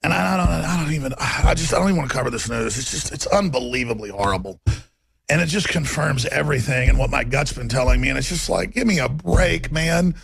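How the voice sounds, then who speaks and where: A man's voice: medium pitch, lively intonation, fast talker, creaky, a bit bright, husky, dry recording. A man with a Texas accent, hosting a radio talk show and ranting through a combative, sarcastic, rambling monologue.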